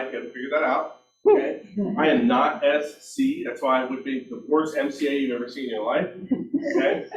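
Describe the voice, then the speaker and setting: A middle-aged man leading a real estate team meeting, telling stories and acting out conversations. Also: medium pitch. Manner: animated storytelling, acts out dialogue, self-mocking. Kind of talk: team meeting training talk. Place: meeting room. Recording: echoey room, distant mic.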